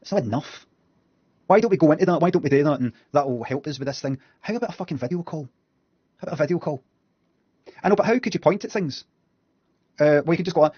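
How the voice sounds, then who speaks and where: A man's voice: a little high, animated, quick pace, pauses often, husky, dry recording, dull audio. A Scottish man streaming at his computer, reacting to videos with blunt, sweary, sardonic commentary. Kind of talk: casual live commentary. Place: indoors at a computer.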